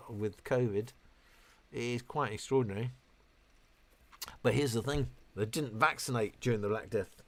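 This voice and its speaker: Man in his fifties, livestream host, rambling casual chat, self-interrupting, answering viewer questions. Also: mid-range voice.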